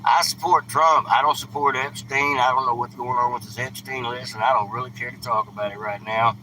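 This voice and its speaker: A man hosts a casual live stream from inside his truck parked by the street, handing out food while speaking bluntly and plainly, sometimes scolding. His medium-pitched voice is flat, bright and forceful, moving a little fast. The low-quality recording picks up traffic, car and street noise from outside.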